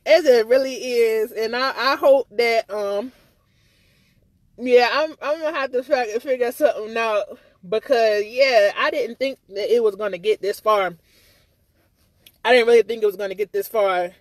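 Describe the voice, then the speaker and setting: A woman's voice: fairly high pitch, normal speed, no room sound. A woman in a casual live-stream rant, agitated and rambling, repeating herself and swearing, with speech. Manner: swears freely, stammers on restarts. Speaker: livestreamer.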